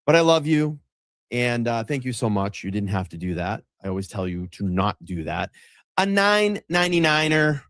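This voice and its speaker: A man's voice: mid-range voice, lively intonation, normal speed, a bit bright, no room sound, clean studio sound. A man hosting a live stream, reacting to a clip in a profane, mocking and gleeful way. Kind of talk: casual live-stream commentary.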